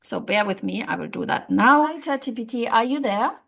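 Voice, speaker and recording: A woman with a slightly high, expressive, gravelly and somewhat bright voice hosts a casual language-learning video. Speaking briskly to the camera, she chats and thinks aloud, with a light laugh.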